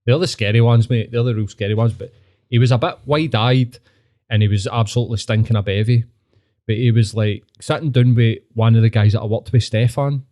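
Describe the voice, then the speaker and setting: A man's voice: mid-range voice, fairly even intonation, fairly quick, mellow. A man with a Glaswegian accent, hosting a podcast and telling anecdotes in loose, sweary casual chat. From Scotland. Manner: swears freely, tells anecdotes with put-on voices. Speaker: podcast host.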